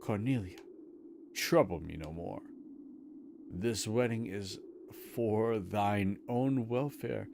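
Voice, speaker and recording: Gruff pompous old king , some guy putting it on, low and gravelly, music playing. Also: slow pace, noisy background. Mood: stern. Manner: pompous old-fashioned stage speech. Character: stern proud old king, commanding. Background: game music.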